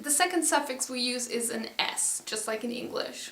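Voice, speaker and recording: A woman's voice: on the high side, expressive, moderate pace, few pauses, a bit bright. A woman whose first language is Dutch, giving a casual video lesson and explaining rules step by step. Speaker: language teacher. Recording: echoey room.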